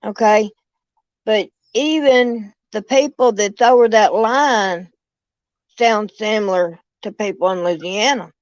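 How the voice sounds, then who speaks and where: A woman's voice: medium pitch, slow, dry recording. Southern lady chatting, honey this darling that, dry dull audio. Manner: drawling, calls people honey and darling. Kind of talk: casual chat. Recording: dry, muffled lo-fi sound.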